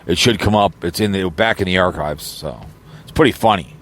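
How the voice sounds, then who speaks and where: A man's voice: low-pitched, brisk, fairly bright tone. A man rambling casually in an audio vlog, joking around with lots of fillers and false starts, recorded in his car. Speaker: YouTuber.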